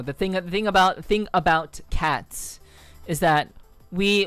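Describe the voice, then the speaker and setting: A woman's voice: low voice, a bit bright, clear, resonant tone. A woman VTuber streamer chatting casually with her viewers, repeating phrases and swearing offhand.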